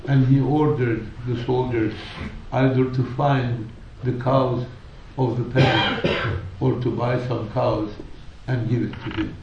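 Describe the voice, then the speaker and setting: A man preaching a sermon, telling stories in a measured, deliberate way with emphatic rises. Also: medium pitch, fairly even intonation, a little mellow, a little hiss or hum. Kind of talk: sermon storytelling. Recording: echoey hall, distant, dull.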